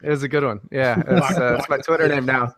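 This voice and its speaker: A man on as a guest in a casual podcast chat, telling a story in a brash, profane, animated way. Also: medium pitch, a little fast, no echo.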